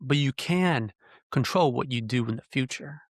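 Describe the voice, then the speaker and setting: In this dry recording, a male podcast host speaks at a moderate pace in a mid-range voice. Leaning into a close mic, he delivers a heated, earnest solo rant packed with rhetorical questions.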